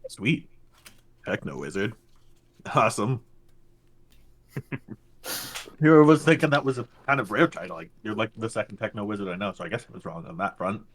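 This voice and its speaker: A man chats casually as a player in a tabletop game. His low voice is a little husky and relaxed in delivery. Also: moderate pace, pauses often. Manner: laid-back, laughs easily.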